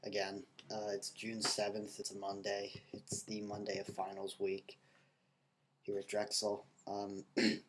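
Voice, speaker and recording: A young man with a stuffy nose and a nasal voice, talking softly and rambling in a casual video diary. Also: on the low side, completely flat delivery, measured pace, slight background noise. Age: young adult. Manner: talks softly, rambling with fillers. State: stuffy-nosed from allergies. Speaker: college student vlogger.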